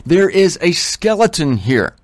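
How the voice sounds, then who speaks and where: A middle-aged man giving an informal Bible teaching, emphatic and conversational, slowing down to stress his points. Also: high-pitched, big pitch swings, no room sound, clean studio sound.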